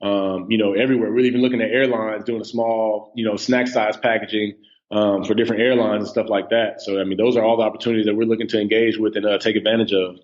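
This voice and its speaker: A man's voice: on the low side, steady tone, fast, darkish tone, highs cut off. A man in his thirties, a podcast guest chatting casually in a laid-back way, with lots of ums and you-knows. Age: 30s. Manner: laid-back, filler-heavy with many um and you know. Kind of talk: casual interview chat.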